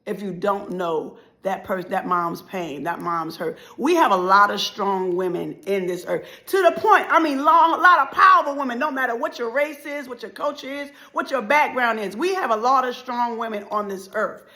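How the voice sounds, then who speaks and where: Middle-aged woman speaker, somewhat high, sharp bright tone, preacher-style repetitive build-ups. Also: normal speed, few pauses. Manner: preacherly, repetitive cadence with sudden loud and soft swings. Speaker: motivational life speaker. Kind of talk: impassioned motivational speech.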